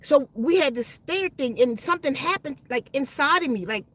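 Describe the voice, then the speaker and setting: A woman hosting her own channel, telling a personal story in slangy, animated speech that repeats and restarts words. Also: high voice, moderate pace. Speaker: channel host.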